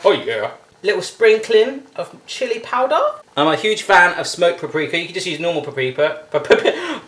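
A man's voice: fairly high pitch, a bit bright. An English man hosting a playful home cooking demonstration, chatty and jokey, talking to the food as he cooks. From England. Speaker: cooking show host. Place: home kitchen.

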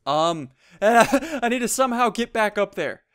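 Excitable young guy narrating gameplay. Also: extremely high pitch, normal speed, clean tone. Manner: excitable, laughs often, jumpy, frequent gasps and yelps. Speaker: gaming YouTuber. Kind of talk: Let's Play commentary.

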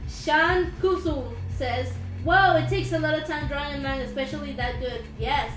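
Giggly high-voiced woman reading comments. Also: moderate pace, a bit bright, recorded from a distance. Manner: giggly, reads comments aloud. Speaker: co-host reading live comments. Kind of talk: casual live-stream chat. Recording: roomy live-stream audio with music.

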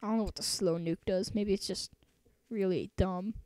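A woman's voice: mid-range voice, fairly even intonation, normal speed, mellow, no echo, clean studio sound. A young woman hosting a gaming video in casual, goofy commentary, her voice worn by a sore throat and a stuffy nose. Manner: playful, goofy trash talk.

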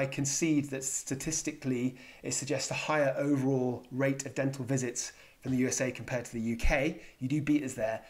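An English man hosting a jokey explainer vlog as a psychiatrist. He is playful and self-mocking and slips in dad jokes. His pitch sits in the middle range for a man. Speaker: psychiatrist and video host.

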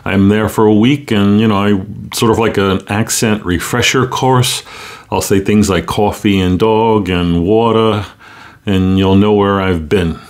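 New york guy hosting a doctor podcast, kinda low voice, chatty, lots of ums. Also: fairly even intonation, measured pace. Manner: chatty, joking asides, frequent ums and uhs. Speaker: podcast host, rheumatologist. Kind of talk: casual medical news podcast.

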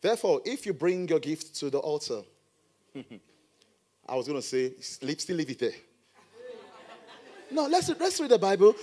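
A middle-aged man preaching a sermon as a pastor in church, animated with playful asides. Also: on the high side, normal speed, long pauses.

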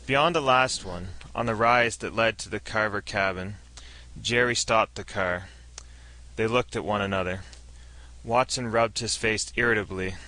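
A man narrating a science fiction story in a steady storytelling read. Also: fairly low pitch, unhurried, poor audio.

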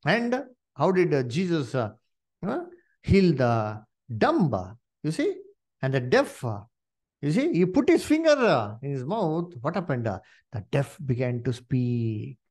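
Animated preacher with a lively voice. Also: male voice, fairly high pitch, measured pace. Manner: animated, many "you see" and "uh" fillers; addresses listeners as "dear brethren". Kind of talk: Bible study sermon.

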